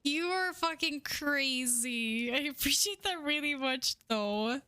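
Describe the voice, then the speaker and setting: A young woman streaming live, chatting excitedly with her viewers, swearing and laughing often. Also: high-pitched, slow pace, no echo. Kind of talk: casual live-stream chat.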